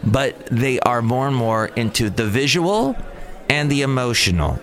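A man hosting a solo podcast, rambling in an animated, exasperated way and going off on tangents. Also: mid-range voice, unhurried. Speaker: podcast host. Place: outdoors by a cafe.

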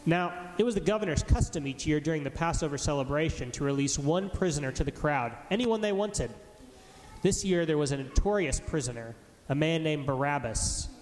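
A man giving a formal, measured reading of scripture aloud. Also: fairly high pitch. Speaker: scripture reader. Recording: echoey hall with faint noise.

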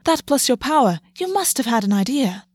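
An insistent, petulant male fae, as a woman reads him, his voice pitched up and pressing. He demands answers sharply in a storybook reading. The sound is close and dry. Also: very animated, brisk, darkish tone, husky, no echo. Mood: lecturing. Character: sharp-tongued, wary young male fae. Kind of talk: audiobook character reading.

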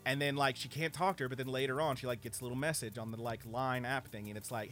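Man, podcast co-host, casual anime chat, animated, swears a lot. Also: mid-range voice, fast, few pauses, soft background music. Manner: animated, profane, filler-heavy.

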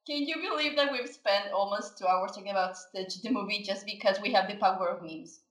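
A woman co-hosting a casual podcast, chiming in with quick reactions. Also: mid-range voice, a bit bright, roomy sound. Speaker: podcast co-host. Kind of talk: casual chat.

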